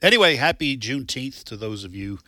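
A man's voice: mid-range voice, sing-song, a little fast, sharp tone, no room sound, studio quality. A male radio host, chatting in a rambling way with many restarts and chuckles. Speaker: radio talk show host. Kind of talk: casual studio talk. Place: radio studio.

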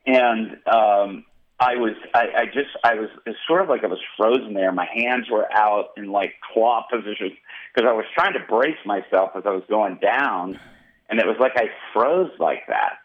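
A male pastor telling a personal testimony in an interview, animated and vivid. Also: fairly low pitch, normal speed, narrow, tinny audio. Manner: animated storyteller, acting out quotes.

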